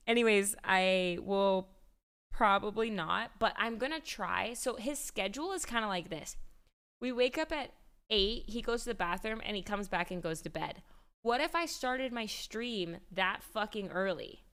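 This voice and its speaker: A woman's voice: mid-range voice, lively intonation, moderate pace, a bit bright, clean tone. A woman livestreamer in casual chat, rambling with frequent restarts and easy laughter. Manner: chatty and rambling, restarts often, laughs easily.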